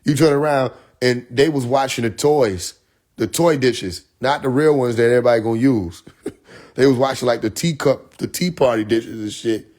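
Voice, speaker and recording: A man's voice: medium pitch, moderate pace. A man ranting in a casual live-stream monologue, blunt and full of profanity, acting out the people he quotes as he tells a long analogy. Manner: animated storyteller who acts out the people he quotes; heavy profanity, blunt and exasperated. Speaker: livestreamer.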